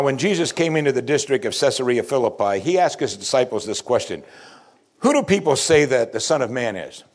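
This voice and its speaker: A male pastor delivering a sermon in a lively, expressive voice whose pitch rises and falls widely. He acts out the people he quotes and drops to a hush for dramatic moments. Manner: animated preaching, voicing quoted speakers, swings from loud to hushed.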